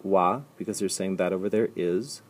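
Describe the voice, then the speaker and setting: Patient, husky-voiced man teaching slowly. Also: sits low, fairly even intonation. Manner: patient, explains step by step, repeats example sentences slowly. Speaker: language teacher. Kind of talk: recorded slide lecture.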